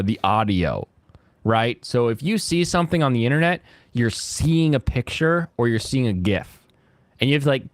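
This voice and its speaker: A man streaming a game, chatting casually and ranting with frequent laughs. His pitch swings widely as he gets worked up. The sound is close and dry, straight into a desk mic. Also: no room sound. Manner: animated, ranting, laughs often. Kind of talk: casual gaming stream chat.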